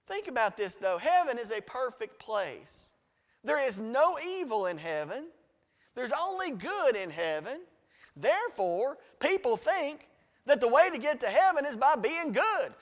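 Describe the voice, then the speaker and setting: A man preaching a fervent sermon in an unusually high voice. He speaks slowly, pressing each point, and rises to loud declarations before dropping low and quiet. His voice rings with a long reverb through a church sanctuary. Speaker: pastor.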